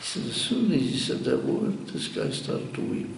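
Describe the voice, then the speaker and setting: Gravelly rabbi in an echoey hall. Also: male voice, medium pitch, big pitch swings, a little hiss or hum. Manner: halting, meandering storyteller with many restarts. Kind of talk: storytelling talk to a gathering. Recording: echoey hall recorded from far off.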